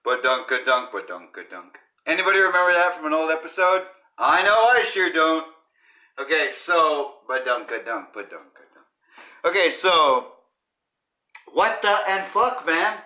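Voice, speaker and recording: A man's voice: high-pitched, measured pace, bright, forceful tone. A man hosting a comedy podcast, rambling goofily and breaking into silly riffs and sung nonsense. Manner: goofy, riffs and sings silly bits. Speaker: podcast host.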